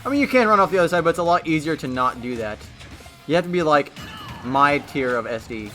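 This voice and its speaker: A man doing live tournament commentary at a gaming event, excitable and quick to break into shouts and laughter. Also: fairly high pitch, faint music behind. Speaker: esports commentator. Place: tournament venue.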